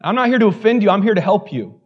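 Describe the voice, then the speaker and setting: Male pastor, high voice, lively pulpit delivery with loud peaks and soft asides; dull recording. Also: fast, breathy edge. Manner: animated preaching, swinging from loud exclamations to low asides. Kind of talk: sermon.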